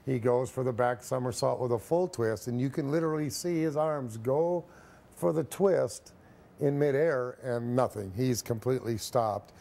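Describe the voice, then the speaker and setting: A middle-aged man, a former professional high diver, telling an anecdote in an interview and acting out the dialogue. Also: moderate pace, gravelly. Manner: lively storyteller who acts out the dialogue.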